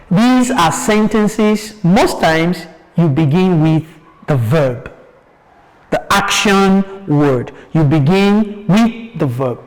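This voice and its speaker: A man teaching a lesson on intonation, speaking slowly and deliberately, repeating examples with exaggerated rising and falling tones and answering his own questions. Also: sits high, big-room sound, rough recording. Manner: asks pupils questions and answers them himself. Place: TV studio.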